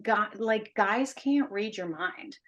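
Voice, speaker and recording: A woman's voice: medium pitch, slow pace, a bit bright, muffled recording. A woman co-hosting a casual podcast, giving her opinions earnestly with many "like" fillers. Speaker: podcast co-host.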